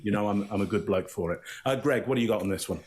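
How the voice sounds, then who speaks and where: Deliberate man analyzing body language. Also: on the low side, a little mellow, slight background noise. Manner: deliberate, hedging with fillers. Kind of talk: casual panel analysis.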